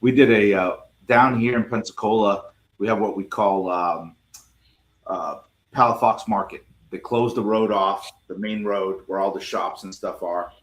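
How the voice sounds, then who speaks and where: A man's voice: on the low side, unhurried. Storytelling man in an echoey room. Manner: animated, acts out dialogue in his stories. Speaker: cigar company co-owner, guest. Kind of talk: casual storytelling.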